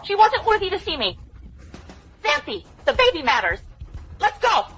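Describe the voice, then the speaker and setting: An actress in a dubbed drama voicing a feisty, wealthy, sharp-tongued grandmother who protects her family and scolds firmly. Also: very high-pitched, wildly swooping pitch, normal speed, a little hiss or hum, full character voice. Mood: indignant. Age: older. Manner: proud, scolding, firm.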